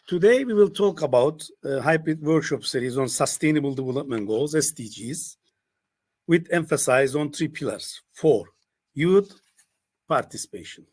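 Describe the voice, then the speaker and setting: An older man whose first language is Turkish delivers a university presentation in English. His voice is husky, and his pitch rises and falls a lot. He halts often and repeats phrases as he goes. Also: animated, darkish tone. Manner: halting, with fillers and repeated phrases. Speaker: university lecturer. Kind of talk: academic presentation.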